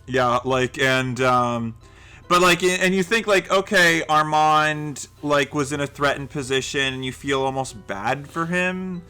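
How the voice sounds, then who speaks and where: Bright-voiced rambling male podcaster. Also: fairly high pitch, measured pace, smooth, faint music behind. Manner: rambling, many fillers and restarts. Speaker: podcast co-host. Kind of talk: casual chat.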